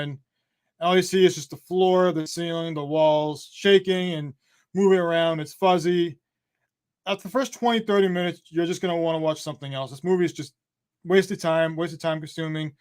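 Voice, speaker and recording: A man with a slightly high voice gives a blunt, profane film review over a video call. He talks in halting bursts and pauses often. The sound is plain home-call audio. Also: smooth. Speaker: movie reviewer on a panel. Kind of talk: live online review countdown.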